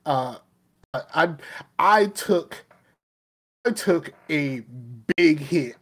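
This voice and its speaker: Rambling, laughing podcast host. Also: male voice, a little high. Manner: loose, rambling, laughs often. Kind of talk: casual chat.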